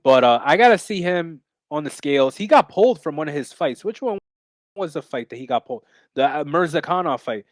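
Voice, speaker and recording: A brash man with a fairly high voice rambles through a casual podcast chat about fight bets, full of fillers and profanity. His voice is recorded close and dry, with no room sound. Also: expressive, brisk, no room sound. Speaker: podcast co-host and MMA bettor.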